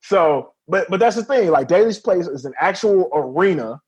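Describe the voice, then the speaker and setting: Podcast co-host, male, husky higher voice, animated storyteller who acts out what others said. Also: moderate pace, dull audio. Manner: animated storyteller, acts out quotes, laughs often. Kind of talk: casual wrestling chat.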